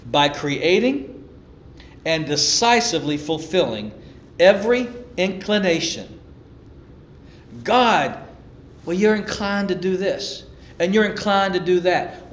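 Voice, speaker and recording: A middle-aged man preaching a sermon, telling a personal story in an animated way that often repeats and restarts phrases. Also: high voice, takes it slowly, pauses often, reverberant, highs cut off, slight background noise.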